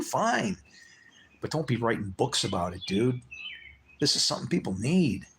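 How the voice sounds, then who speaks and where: A man with a gravelly, fry-laced voice talks off the cuff on his live stream. His pitch swings widely as he wanders from one thought to the next. He curses casually and chuckles under his breath, and a faint hiss sits under the talk. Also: fairly bright tone. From United States. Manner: rambling, profane, laughs between thoughts. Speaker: livestream host. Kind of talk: rambling live-stream monologue.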